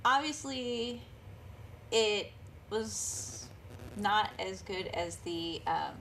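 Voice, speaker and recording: A woman's voice: mid-range voice, animated, extremely slow, a bit bright, a little hiss or hum. A woman speaking as a panel guest, hesitant with many fillers. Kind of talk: casual panel chat.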